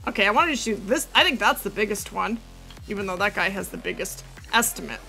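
A woman's voice: medium pitch, fairly quick, vocal fry, soft background music. A woman hosting a live game stream, chatting casually as she plays and gushing over viewers. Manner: chatty, thinks aloud, gushes with excitement. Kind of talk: casual live gameplay commentary.

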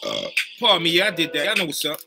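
A man talking casually to his viewers on a livestream, slangy and animated, and he keeps checking in with his audience. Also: a little high, quick pace, gravelly, loud music behind the voice. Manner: slangy, animated, keeps checking in with "you know what I mean". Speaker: YouTuber live-chatting with viewers.

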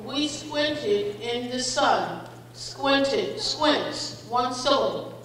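A woman serving as a spelling bee pronouncer, reading each word with its definition and a sample sentence in a slow, deliberate, encouraging way. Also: high voice, fairly bright tone. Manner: slow, deliberate, encouraging, calls contestants "friend". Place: school auditorium. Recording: echoey hall, voice from a distance.

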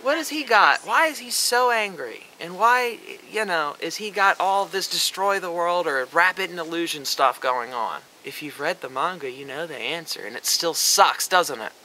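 A man's voice: on the high side, animated, moderate pace, few pauses, sharp tone, slight background noise, low-quality recording. A man vlogging a ranting commentary, sarcastic and profane, mocking what he criticizes.

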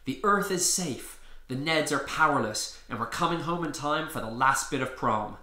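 A man voicing an excited teenage boy hero reporting success. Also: fairly high pitch, moderate pace, roomy sound.

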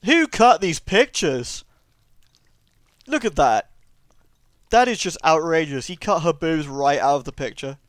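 A man giving casual, joking commentary while playing a video game, excitable and crude. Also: a little high, normal speed, clean tone, no echo. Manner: jokey, excitable, crude humour. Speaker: let's play host.

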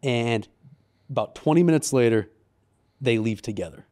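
Man, podcast co-host, mellow relaxed tone, casual storytelling, studio. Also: medium pitch, normal speed. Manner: animated storyteller, acts out quotes in raised voice.

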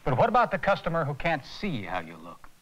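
A calm, patient mentor. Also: male voice, fairly high pitch, fast talker, exaggerated voice, poor audio. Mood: instructive. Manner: calm, instructive. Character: adult male customer-service mentor, calm and patient. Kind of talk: 1980s educational film acting. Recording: faint hiss on an old tape transfer.

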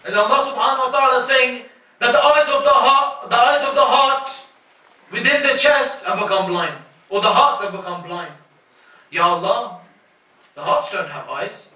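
A man's voice: extremely high pitch, pushed and bright. A man preaching a sermon with emphasis, putting rhetorical questions to his audience. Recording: echoey hall, voice from far off.

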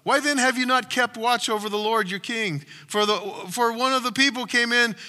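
A man voicing a bold young warrior who shouts mocking taunts across to an enemy camp from a hilltop. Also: moderate pace, full character voice. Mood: calling out. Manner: mocking, shouting high and loud.

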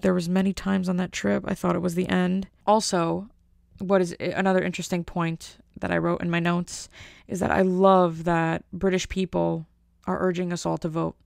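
Rambling, gravelly-voiced woman podcaster. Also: medium pitch, a little mellow, no room sound, studio quality. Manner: rambling, jokey, lots of fillers and tangents. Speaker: podcast host. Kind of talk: casual solo podcast chat.

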